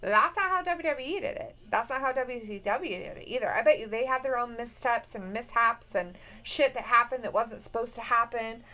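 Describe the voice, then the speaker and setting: A woman's voice: a little high, moderate pace, hardly any pauses, sharp tone. A woman co-hosting a casual live reaction chat, laughing often and mimicking people in silly voices. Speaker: co-host reacting to a wrestling show.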